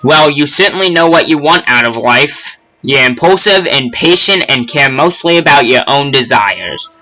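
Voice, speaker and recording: A man voicing a calm male professor in a game, reading the mentor's lines in a measured, explaining way. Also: a little high, soft background music, low-quality recording. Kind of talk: reading game dialogue aloud.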